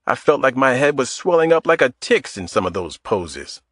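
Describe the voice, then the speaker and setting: A man's voice: mid-range voice, big pitch swings, normal speed, a bit bright, no echo, clean studio sound. Man doing a wisecracking middle-aged guy. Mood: joking. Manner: wisecracking, easygoing. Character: mid-forties man, joking, sore, affectionate. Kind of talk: audiobook character voice.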